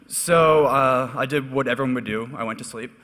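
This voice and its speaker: Young man with a bright voice telling a story. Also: mid-range voice, normal speed. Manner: relaxed, self-deprecating storyteller. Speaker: conference panelist. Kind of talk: anecdotal storytelling on stage. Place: conference hall stage. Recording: echoey hall.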